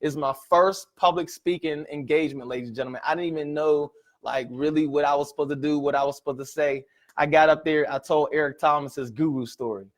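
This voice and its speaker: A man giving a motivational presentation to an audience, telling stories in an animated way and often checking in with "right?" and "ladies and gentlemen.". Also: fairly high pitch, brisk. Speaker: motivational speaker.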